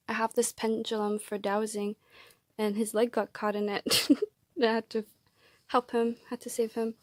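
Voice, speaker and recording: A woman's voice: fairly high pitch, slight background noise. A woman doing a casual tarot reading at home, chatty and rambling, with frequent restarts and asides. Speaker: tarot reader and psychic channeler. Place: room at home.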